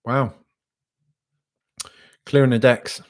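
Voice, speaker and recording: A man's voice: medium pitch, fairly even intonation, drawn-out words, a little mellow. Hesitant man on a live podcast. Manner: casual, hesitant, many ums and restarts. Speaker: podcast host. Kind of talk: live reaction stream, reading chat.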